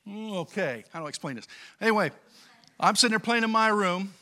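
A middle-aged man from California preaching a sermon and telling a childhood story, swinging from quiet to loud as he goes. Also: high-pitched, animated, fairly quick. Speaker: pastor.

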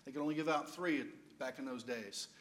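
A man's voice: medium pitch, brisk, fairly bright tone. An older man preaching, telling a playful, humorous personal story as a storytelling sermon.

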